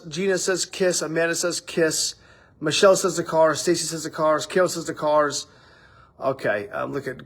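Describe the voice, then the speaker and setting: A man's voice: sits high, a bit bright. A man hosting a daily livestream, chatting loosely and rambling, with casual swearing. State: out of breath after running. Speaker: livestream host. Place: studio office with window.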